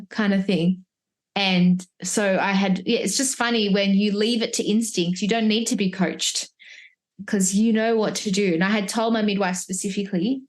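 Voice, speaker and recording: A woman's voice: medium pitch, steady tone, normal speed. A woman, a podcast guest telling her story in a chatty, reflective way, full of restarts. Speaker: podcast guest, mother of three. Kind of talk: casual birth-story telling. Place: at home, holding a baby. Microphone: wearing headphones, remote podcast recording.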